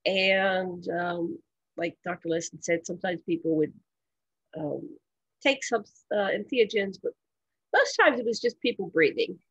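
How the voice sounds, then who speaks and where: A woman's voice: fairly low pitch, animated, a little slow, husky, no echo, highs cut off. A woman presenting a workshop in a casual, rambling way with many fillers and restarts.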